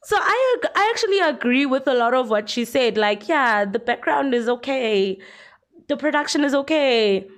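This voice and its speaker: A woman's voice: high voice, animated, moderate pace. A young South African woman giving frank, chatty commentary on a vlog. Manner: chatty, frank, lots of fillers and laughs. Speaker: YouTuber commentator.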